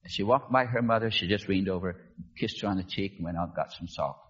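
A man's voice: quick pace, slightly rough, lo-fi sound. A man preaching as a pastor, telling a story dramatically and acting out the voices of the people in it. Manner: dramatic, acts out quoted voices with big pitch swings. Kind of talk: sermon storytelling.

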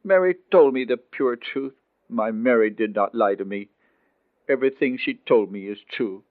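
A man's voice: mid-range voice, moderate pace, no echo, close to an everyday voice. A man playing a remorseful young carpenter, speaking in an anguished, pleading way. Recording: tinny phone-like dry recording.

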